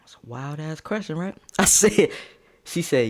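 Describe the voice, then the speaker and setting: A young man casually telling a story, animated and profane, jumping into squeaky high outbursts. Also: unhurried.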